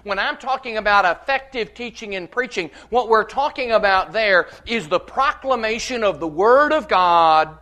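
A male pastor preaching a sermon, reading scripture with verse references and building to loud, repeated declarations. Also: high-pitched, expressive, moderate pace, hardly any pauses.

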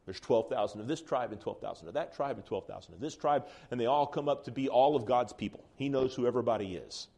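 A man teaching a Bible study class, explaining calmly and reading scripture passages aloud, with some restarts. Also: medium pitch, quick pace, gravelly, few pauses, husky.

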